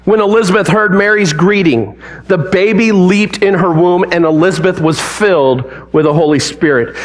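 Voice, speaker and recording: High-voiced man preaching a lively sermon. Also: normal speed. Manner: animated, dramatic storytelling with audience call-and-response.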